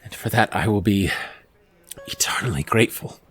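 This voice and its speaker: A man voicing an earnest middle-aged father who speaks haltingly and apologetically. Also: fairly low pitch, husky. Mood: grateful.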